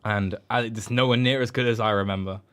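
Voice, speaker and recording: A man's voice: on the low side, steady tone, fairly quick, a bit bright, clean tone. A young man co-hosting a podcast, chatting casually and rambling about films. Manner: chatty, rambling, slips into silly impressions. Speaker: podcast co-host. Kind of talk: casual film review chat.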